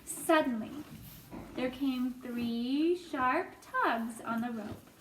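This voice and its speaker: A woman reading a children's book aloud in a gentle, expressive way. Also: high voice, takes it slowly. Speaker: storyteller. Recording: echoey room, faint noise.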